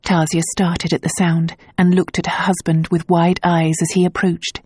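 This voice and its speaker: Warm low-voiced woman narrating. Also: little pitch movement, normal speed, a little hiss or hum. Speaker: audiobook narrator. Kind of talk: scripted narration.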